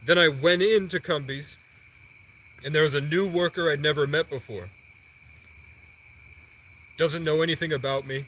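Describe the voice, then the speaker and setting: A man's voice: on the high side, slight background noise. A young man on a livestream, telling a long rambling personal story and acting out the dialogue. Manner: animated, quoting others in quick dialogue.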